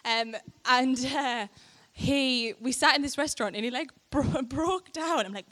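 A young woman shares her testimony with a church crowd, laughing often and acting out the lines she quotes. Her voice sits a little high. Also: unhurried, few pauses. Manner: animated storytelling, frequent laughter, acts out quoted lines. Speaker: speaker sharing a testimony. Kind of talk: personal testimony to a church audience.

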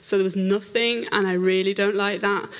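A woman telling an animated church testimony, laughing often and acting out the voices in her story. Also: medium pitch, normal speed. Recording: reverberant hall.

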